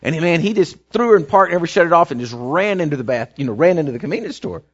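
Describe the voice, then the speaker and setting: A man's voice: on the high side, expressive, quick pace, slightly rough. A man preaching a sermon, telling a story in a folksy, rambling way. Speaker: pastor. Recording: dull lo-fi recording.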